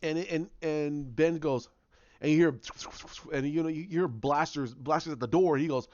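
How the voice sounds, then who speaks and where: A man's voice: a little high, normal speed, a little mellow, highs cut off. A man casually retelling a story idea as a video creator, rambling with frequent restarts and repeated words.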